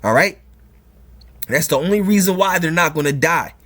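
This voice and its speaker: A man's voice: on the high side, expressive, normal speed, a bit bright. A man giving preachy religious commentary, reading news and scripture aloud, emphatic and repetitive, tagging lines with "all right?" and "man" and chuckling often. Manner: emphatic, repeats key phrases.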